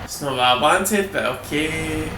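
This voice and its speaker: High-voiced Scottish man, echoey room. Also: unhurried. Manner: rambling, sweary, chatty asides. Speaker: gameplay commentator. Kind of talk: casual let's-play commentary. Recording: echoey room, distant mic, faint noise.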